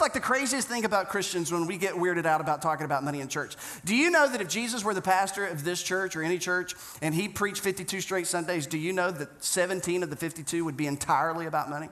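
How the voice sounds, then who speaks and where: A man's voice: high-pitched, bright, forceful tone. A man pastor preaching a sermon, earnest and conversational, telling stories with frequent restarts.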